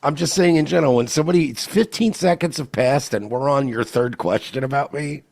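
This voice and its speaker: A man's voice: medium pitch, a little fast, creaky, a little mellow, dry recording. A man co-hosting a podcast, chatting crudely and mockingly and acting out exaggerated quotes. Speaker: podcast co-host. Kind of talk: casual comedic commentary.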